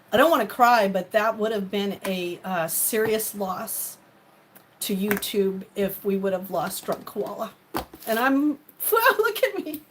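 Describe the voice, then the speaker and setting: A woman's voice: mid-range voice, a little hiss or hum. A woman chatting casually on a live stream while she cooks, greeting viewers by name and laughing often. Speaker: livestreaming cooking vlogger.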